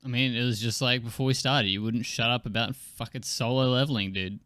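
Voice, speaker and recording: A man's voice: medium pitch, steady tone, a little fast, a bit bright, no room sound, studio quality. A young Australian man co-hosting a podcast, talking casually and swearing offhandedly. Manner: laid-back, swears casually. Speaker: podcast co-host. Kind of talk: casual chat.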